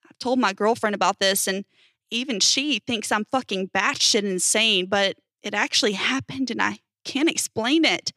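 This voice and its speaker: Bright-voiced woman reading stories. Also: medium pitch, normal speed, no echo. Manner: casual storytelling with emphatic swearing. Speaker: narrator reading posts.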